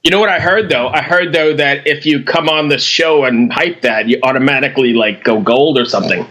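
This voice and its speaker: A man's voice: medium pitch, fairly quick, a bit bright. A man hosting a podcast in casual banter, teasing his co-host and laughing often.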